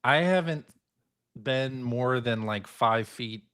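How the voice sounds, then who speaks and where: Man, podcast host, casual chat, laughs a lot, bright tone, mid pitch. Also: slow pace, clear, resonant tone. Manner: laughs often, relays news loosely.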